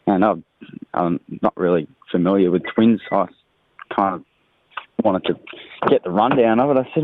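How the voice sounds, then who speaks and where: A man telling a joke in a voicemail, halting, with lots of ums. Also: deep voice, dry recording. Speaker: caller. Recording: tinny phone line.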